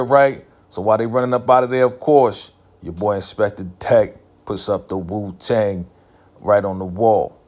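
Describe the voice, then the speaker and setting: Lowish voiced guy recapping a show, real laid-back and slangy, keeps saying you know. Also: moderate pace, a little mellow. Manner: laid-back, slangy, heavy filler phrases. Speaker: TV episode recap host. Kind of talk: casual episode recap.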